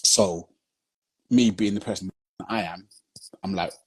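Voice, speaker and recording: A man's voice: low-pitched, measured pace, husky. A man, a film director and guest on a live video chat, telling his story earnestly and often asking whether you follow him. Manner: earnest storytelling, heavy with "you know what I'm saying". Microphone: phone on a live video stream.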